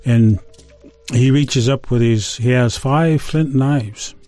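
A middle-aged man telling a traditional creation story in an unhurried, conversational way, with fillers and restarts. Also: mid-range voice, warm tone, faint music behind. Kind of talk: oral storytelling of a traditional tale.

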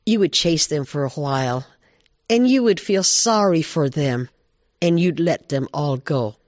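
Casting: elderly owl matriarch, firm and measured, man storyteller raising his voice, dry sound. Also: on the high side, animated, no room sound. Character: wise old female owl, leader of the animals.

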